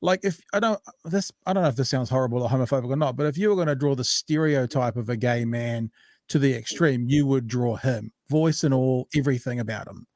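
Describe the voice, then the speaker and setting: A podcast co-host with a mid-range, darkish voice talks a little fast in a casual chat, rambling, joking loosely, and often breaking off mid-sentence. The recording is dry, with clean studio sound.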